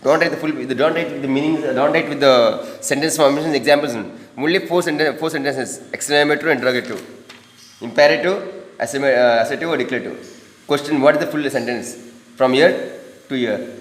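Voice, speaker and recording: A man's voice: medium pitch, fairly quick. A man teaching a grammar lesson to students, repeating points and calling them "ma". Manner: repetitive, addresses students as "ma". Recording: echoey room with long reverb.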